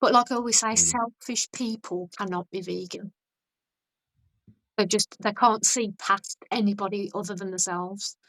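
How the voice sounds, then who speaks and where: A woman guest on a podcast, chatting casually and telling stories in a blunt, animated way with frequent restarts. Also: mid-range voice, moderate pace, no room sound, poor audio. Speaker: podcast guest, vegan activist.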